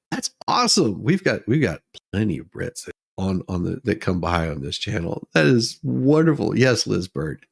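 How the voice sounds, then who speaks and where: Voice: medium pitch, vocal fry, breathy edge. A channel host giving casual reaction commentary on news clips, laughing often and restarting sentences. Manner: giggly, frequent laughing fits; talks with stammering restarts.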